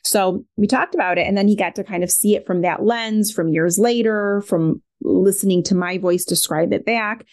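A woman's voice: medium pitch, moderate pace, hardly any pauses, darkish tone. A middle-aged woman speaking as a parenting expert guest in a podcast interview, candid and reflective, often saying "like". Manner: reflective, candid, many filler "like"s.

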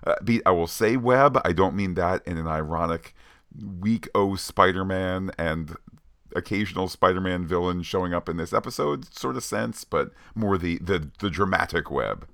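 Deep, bright-voiced man chatting on a podcast. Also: moderate pace, creaky, dry recording, studio quality. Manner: chatty, playful, full of filler words. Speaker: podcast co-host. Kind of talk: casual chat.

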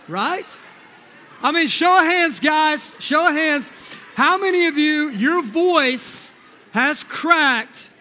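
Man, youth pastor, energetic joking youth sermon, very high voice, bright tone. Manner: energetic, joking, talks to the crowd.

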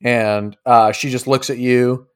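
A man's voice: medium pitch, fairly even intonation, unhurried, smooth. Casual male game master narrating. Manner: casual, rambling with fillers.

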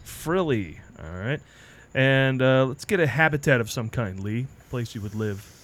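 A man's voice: medium pitch, expressive, measured pace, fairly bright tone. A man hosting a movie podcast, chatting casually and running a word game with stumbling restarts. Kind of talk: casual chat.

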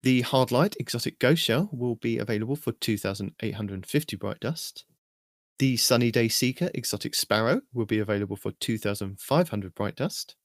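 Male host, scripted game news rundown, steady delivery, mid pitch, dry sound. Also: normal speed, no echo. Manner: steady, even list-reading delivery. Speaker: host of a weekly game update.

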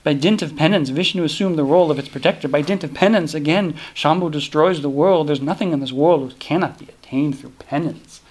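A man's voice: on the high side, a little fast, few pauses, a little mellow, close to an everyday voice. A scheming false hermit boasts in a grand, reciting tone, as a man reads him out in a slightly raised voice. He sounds sure of his own greatness.

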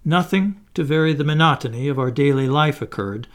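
A man reading an audiobook aloud as its narrator, in a measured, solemn way. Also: a little high. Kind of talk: scripted narration.

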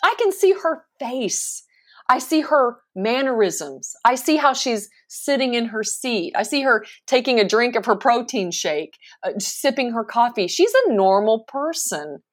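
A woman in her forties, guest on an interview, talking with lively emphasis and frequent laughs. She is a professional speaker, and her voice sits a little higher than most women's. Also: a little slow. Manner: animated and emphatic, laughing often. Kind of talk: casual interview talk.

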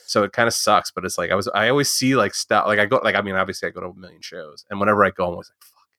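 A man's voice: lowish voice, fairly even intonation, very fast, bright, forceful tone, dry recording, studio quality. A man chatting casually, rambling with lots of "like" and frequent swearing. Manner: rambling, swears often, heavy use of "like". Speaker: drummer and comic artist. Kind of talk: casual chat.

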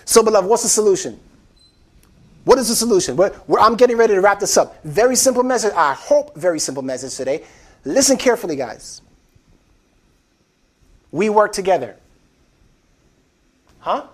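High-voiced man preaching an impassioned sermon. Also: lively intonation, a little fast, pauses often. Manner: impassioned preaching, repeats phrases, addresses listeners as beloved. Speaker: pastor.

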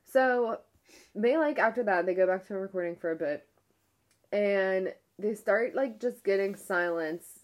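This young woman's voice sits at medium pitch, and she takes her time as she retells a ghost hunt in a casual storytelling way. She keeps saying "like," often starts sentences over, and rambles along in a hushed but animated tone.

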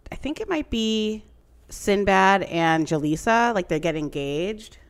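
A podcast co-host recaps a TV show in casual chat, telling a long, rambling story with animated energy and constant "like" fillers. Her mid-range voice is unhurried, clear and resonant.

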